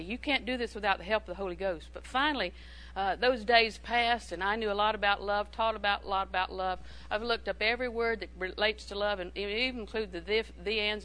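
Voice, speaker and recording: A woman's voice: medium pitch, fairly quick, hardly any pauses, bright, forceful tone, rough recording. A woman preaching a sermon in a humorous, conversational way, repeating phrases for emphasis.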